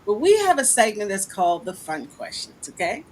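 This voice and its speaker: A woman's voice: medium pitch, big pitch swings, moderate pace, a little hiss or hum, low-quality recording. A woman hosting a talk show, asking questions in a playful, encouraging way. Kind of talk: casual interview chat.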